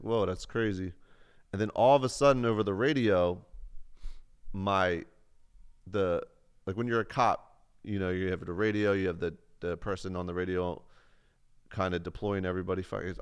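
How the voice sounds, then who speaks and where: Low-voiced man telling a rambling story. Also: clean tone. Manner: rambling, profane, self-mocking. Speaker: livestreamer telling a personal story. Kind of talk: casual storytelling on a livestream.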